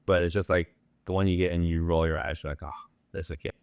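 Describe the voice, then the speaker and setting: A man hosting an interview, talking in a relaxed, reflective way and asking open questions. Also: low-pitched, fast talker, dry recording. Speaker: host. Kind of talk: casual interview talk.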